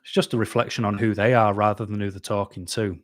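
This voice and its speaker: A man's voice: lowish voice, level tone, fast talker, no echo, studio quality. A man hosting a live stream, chatting casually with viewers in a rambling, self-deprecating way, full of ums and restarts.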